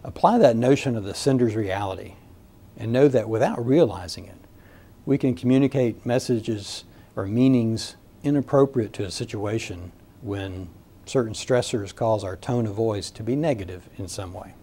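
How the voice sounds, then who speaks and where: A man teaching a recorded lesson on communication in a measured, explanatory way, with frequent "uh" fillers. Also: lowish voice, warm tone. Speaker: communications instructor. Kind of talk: recorded lecture.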